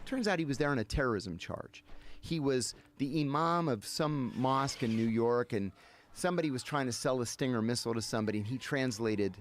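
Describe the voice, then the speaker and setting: A man's voice: mid-range voice, a little fast, a little hiss or hum. A man, a podcast guest, telling a story in casual talk and acting out the dialogue. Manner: animated, acts out dialogue. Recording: music playing behind.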